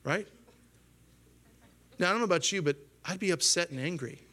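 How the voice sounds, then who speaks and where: Animated pastor in his thirties preaching. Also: moderate pace. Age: 30s. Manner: animated, acts out quoted voices with rising pitch; asks the congregation questions. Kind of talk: sermon.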